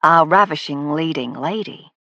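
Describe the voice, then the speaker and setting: A woman's voice: deep voice, animated, moderate pace, gravelly, sharp tone, no room sound, lo-fi sound, heavily acted. A woman voicing an affable middle-aged man from Lancashire with a northern English accent, talkative and genial.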